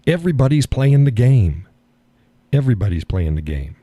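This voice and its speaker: A man's voice: mid-range voice, very animated, normal speed, warm tone, no room sound. Laid-back, laughing male stream host. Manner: laughs often, folksy and blunt; swears casually. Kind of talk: casual chat.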